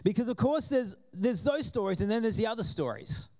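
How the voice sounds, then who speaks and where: High-voiced pastor telling lively stories. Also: male voice, brisk. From Australia. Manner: animated storytelling, acting out quoted voices. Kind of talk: sermon with personal stories. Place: church before a congregation.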